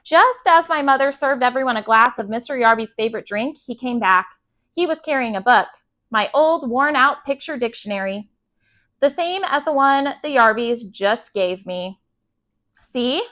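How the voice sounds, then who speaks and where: A woman storyteller reading a children's chapter book aloud at bedtime, steady and gentle. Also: fairly high pitch, moderate pace.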